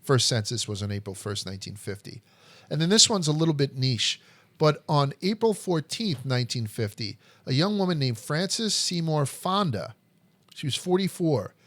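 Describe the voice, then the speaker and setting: A man's voice: on the high side, sing-song, normal speed, a bit bright, dry recording. A man hosting a history podcast, telling stories in a blunt, profane, joking way. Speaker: podcast host. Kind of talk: casual history chat.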